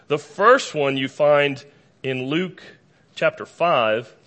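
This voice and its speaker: A man preaching a sermon to a live congregation in a lively, conversational way, with casual asides and humor. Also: a little high, slow pace. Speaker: pastor.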